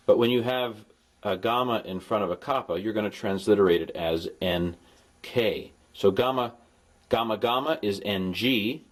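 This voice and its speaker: Speaking in a low voice, a man works as a Greek tutor on a recorded language lesson. His explanations are patient, and he keeps the mood light with playful quips aimed at the students.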